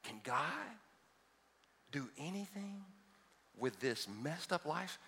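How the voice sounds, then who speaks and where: A male pastor with a high voice preaches to his congregation, mixing comic storytelling with fervent calls to believe. His tone rings bright and forceful, carried by the long reverb of a big church hall. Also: expressive, slow. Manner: humorous storytelling, rising to emphatic exhortation. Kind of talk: sermon. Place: church auditorium before a congregation.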